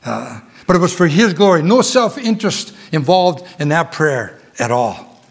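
A man's voice: fairly high pitch, sing-song, moderate pace, creaky. A middle-aged man preaching a folksy sermon, rambling through a ranch story with chuckles and talking straight to his congregation.

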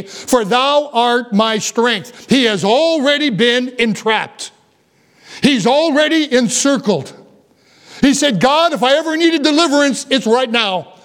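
A high-pitched man preaching with earnest emphasis. He swings between quiet, low asides and loud, ringing declarations. He often stumbles and restarts mid-phrase. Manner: quick restarts and stammers. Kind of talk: sermon.

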